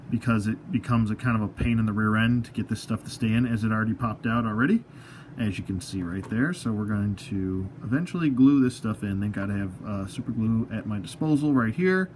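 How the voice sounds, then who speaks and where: A man's voice: lowish voice, animated, fairly quick, a little hiss or hum. A man reviewing an action figure as he unboxes it, rambling and self-mocking, talking to the toy as he works.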